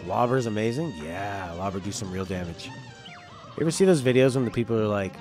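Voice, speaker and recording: A man's voice: fairly low pitch, expressive, fairly quick, darkish tone, soft background music. A man streaming a video game, rambling through casual commentary with joking asides. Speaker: gaming streamer. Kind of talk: casual live gameplay commentary.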